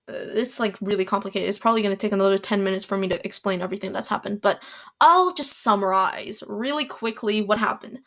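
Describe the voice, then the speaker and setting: Chatty, slightly high-voiced woman rambling. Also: a bit bright. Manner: rambling, with many fillers and restarts; sarcastic asides. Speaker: podcast host. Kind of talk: casual solo podcast chat.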